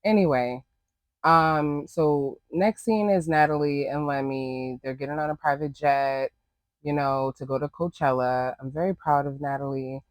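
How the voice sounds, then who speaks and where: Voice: mid-range voice, steady tone, a little slow, dry recording. A host giving casual, sassy reaction commentary on a reality show, blunt and full of rambling asides.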